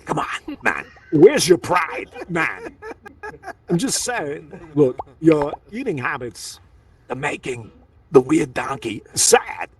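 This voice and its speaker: A man voicing a blunt, mocking grown-up Christopher Robin in halting phrases. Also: a little high, sing-song, recorded from a distance, voice pushed up, full character voice. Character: gruff deadpan grown-up Christopher Robin, Walken-style.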